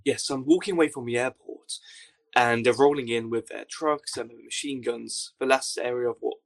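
A young man telling a story as a podcast guest, with dry, deadpan understatement. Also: medium pitch, moderate pace, gravelly. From Wales. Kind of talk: casual storytelling anecdote.

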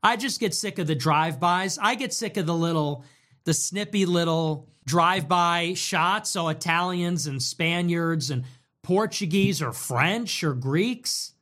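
A young man hosting a livestream, riffing casually in a mocking, animated way with lots of rapid repetition. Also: fairly high pitch. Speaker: livestream host.

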